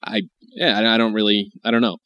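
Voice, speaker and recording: A man co-hosting a podcast in casual chat, sick with a head cold and a bit raspy, rambling with lots of fillers and restarts. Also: flat delivery, fast, a bit bright, lo-fi sound. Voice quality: slightly deep and raspy from the cold. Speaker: podcast co-host.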